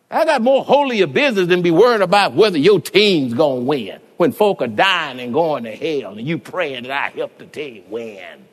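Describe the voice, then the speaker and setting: A middle-aged male pastor preaching a sermon in a rhythmic cadence that builds into shouted climaxes. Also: mid-range voice, expressive, a little slow, in a large hall.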